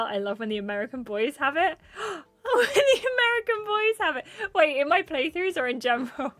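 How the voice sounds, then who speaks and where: A woman's voice: on the high side, a bit bright, dry recording. A young woman with an English accent, chatting casually with her livestream viewers and reading their comments aloud in a bubbly, talkative way. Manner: bubbly and chatty, quick laughs and gasps. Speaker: gaming streamer.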